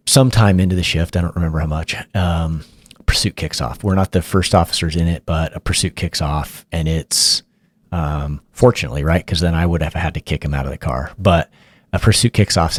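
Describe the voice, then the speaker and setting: A middle-aged man with an extremely low, deep voice recounts a long shift story in a loose, rambling way, restarting his sentences as he goes. The recording is dry and close, with no room sound. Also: no room sound. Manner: relaxed, rambling retelling with fillers and restarts. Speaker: podcast host, former police officer. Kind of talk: casual storytelling.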